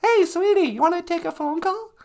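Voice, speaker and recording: A man voicing a cheerful woman who answers the phone lines, in a high, sugary falsetto. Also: a little fast, gravelly, a little mellow. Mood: cheery.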